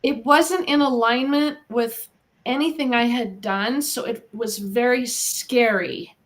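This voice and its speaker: A middle-aged American woman from Eastern Washington, her voice a little high, takes her time speaking. She's a guest on a podcast interview, an animal communicator talking earnestly and encouragingly about her own path.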